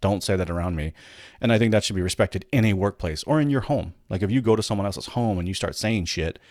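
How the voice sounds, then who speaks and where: Low-voiced man ranting casually. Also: fast, darkish tone, no room sound, studio quality. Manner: rambling, profane, frequent restarts. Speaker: host of a weekly gaming news show. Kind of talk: casual solo commentary.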